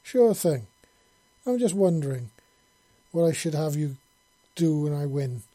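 A wry older fisherman brags and teases in a jaunty, raised voice, as a male narrator puts him on. The tone is mellow and a little husky. It sounds dry and close, like a home storybook reading. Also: fairly high pitch, sing-song, a little slow, dry recording. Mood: cocky. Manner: jaunty and boastful.

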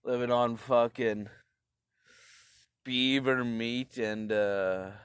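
Slow, rambling man, crude jokes. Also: medium pitch, fairly even intonation, smooth, dry recording, studio quality. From Canada. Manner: rambling, crude, swears often. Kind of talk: comedic stereotype rant.

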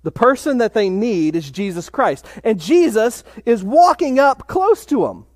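A man preaching a sermon in a measured way, dropping to a hush for emphasis. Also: very high-pitched, big pitch swings, dry recording, clean studio sound. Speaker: pastor.

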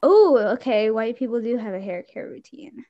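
A lively teenage girl chatting casually, full of exclamations and quick asides. Her voice sits on the high side. The recording sounds muffled and lo-fi. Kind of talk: casual chat. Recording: dull lo-fi sound.

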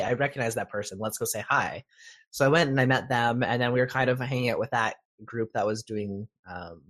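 A man from Canada co-hosting a podcast, telling an anecdote in a relaxed, easygoing way. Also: on the low side. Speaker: podcast co-host. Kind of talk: casual chat.

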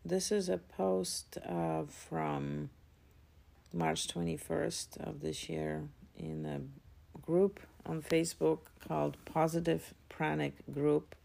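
A woman hosting a podcast, talking in a slow, even, casual way with fillers. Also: low voice, creaky. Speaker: podcast host. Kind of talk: casual spoken commentary.

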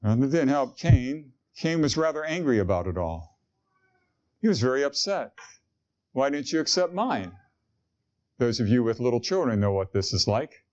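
A man's voice: medium pitch, sing-song, moderate pace, darkish tone, muffled recording. A man preaching a sermon in an earnest, conversational way, asking his listeners questions. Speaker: pastor.

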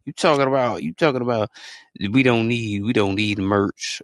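A man co-hosting a podcast in casual chat, telling stories in slang with sudden high exclamations. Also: normal speed, pauses often, no echo. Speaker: podcast co-host.

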